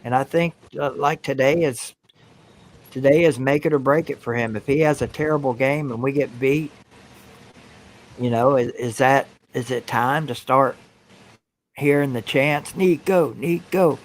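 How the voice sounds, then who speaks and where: A man's voice: medium pitch, fairly even intonation, a little slow. Male co-host, casual sports chat, earnest, hesitant. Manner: earnest, hesitant with repeated starts.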